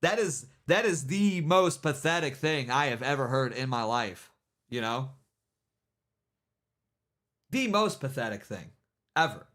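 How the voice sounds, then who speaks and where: A man's voice: mid-range voice, animated, unhurried, pauses often, fairly bright tone. A man hosting a livestream, giving casual, rambling commentary and mocking people, with many repeated "you know what I mean"s. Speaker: livestream host.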